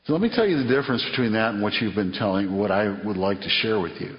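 A man's voice: fairly low pitch, fast talker. A man preaching a sermon in an earnest way, repeating phrases and acting out conversations, heard in a church hall. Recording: muffled sound in a long-echo hall.

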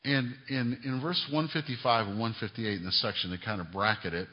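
A middle-aged male pastor preaching a sermon, building to emphatic raised peaks and dropping into quiet conversational asides. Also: medium pitch, animated, fairly quick, few pauses. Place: church sanctuary. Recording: reverberant hall, lo-fi sound.

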